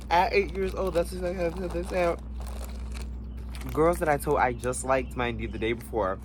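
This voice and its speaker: A young man in a casual storytime vlog, animated and slangy, swearing freely and jumping into high exclamations. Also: moderate pace, long pauses, background noise. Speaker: vlogger.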